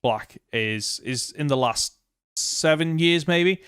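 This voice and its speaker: A man's voice: a little high, slow pace, a bit bright, smooth, no echo, studio quality. A young man co-hosting a casual podcast, telling stories and laughing often. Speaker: podcast co-host. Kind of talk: casual chat.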